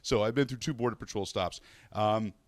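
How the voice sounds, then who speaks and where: A Canadian man hosting a fantasy sports radio show from a hotel room, telling road stories in a chatty, animated way and acting out the people he quotes. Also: fairly low pitch, normal speed, dry recording. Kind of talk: casual solo show, storytelling.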